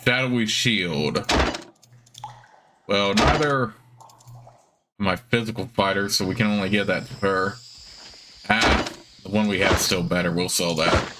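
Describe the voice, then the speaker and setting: A man hosting a let's play, reading game text aloud in a steady voice with offhand asides. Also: low voice, normal speed, pauses often, very noisy.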